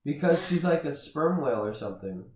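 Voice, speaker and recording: A man co-hosting a podcast, riffing animated jokes in casual chat. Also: on the high side, brisk. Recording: echoey room.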